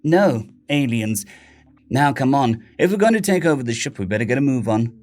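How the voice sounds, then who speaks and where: A man voicing a cheerful, brisk young woman who rescues alien abductees. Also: mid-range voice, expressive, darkish tone, natural voice.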